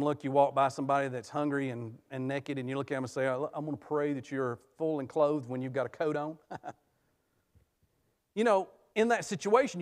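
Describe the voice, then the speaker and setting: A man, a guest preacher, delivering a conversational sermon in a church, telling family stories and swinging between quiet, talky passages and sudden loud rises. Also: fairly high pitch. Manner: tells personal family stories, laughs often. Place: church sanctuary.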